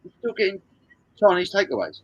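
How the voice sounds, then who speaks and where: A man's voice: high voice, huge pitch swings, brisk, muffled recording. A man hosting a charity live stream quiz, reading out viewers' answers and bantering, with frequent swearing and laughter. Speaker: live stream host running a music quiz.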